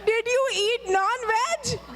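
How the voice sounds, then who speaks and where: Nagging Indian mother, played by a male student, high and slow-paced. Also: fairly bright tone, some chatter behind, full character voice. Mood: fussing. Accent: Indian English. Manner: scolding, nagging, exclaiming. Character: fussy worried Indian mother on the phone. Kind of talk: student stage skit.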